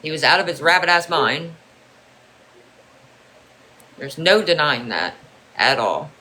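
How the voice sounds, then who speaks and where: A man's voice: on the high side, animated, slow, bright, forceful tone, rough recording. A man hosting a livestream, chatting casually and bluntly with viewers, swearing freely and trailing off with fillers. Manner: blunt and profane, with loose fillers. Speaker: livestream host.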